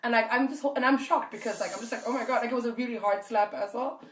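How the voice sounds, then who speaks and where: A woman from Namibia co-hosting a podcast, telling a story in an animated way and laughing often. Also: a little high, very fast, reverberant, recorded from a distance, slight background noise. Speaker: podcast co-host. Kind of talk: casual chat.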